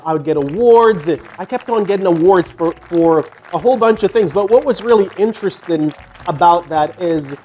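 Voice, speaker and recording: An older man spins a loose, profane story from his youth in a slightly high voice, circling back with fillers and restarts. Soft music plays faintly under his talk. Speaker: fitness vlogger. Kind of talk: casual storytelling.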